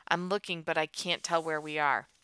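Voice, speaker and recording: A woman's voice: deep voice, fairly even intonation, normal speed, pushed and bright, clean tone, no echo. A woman voicing an anxious teenage girl stranded after a crash, speaking with urgent, pleading strain.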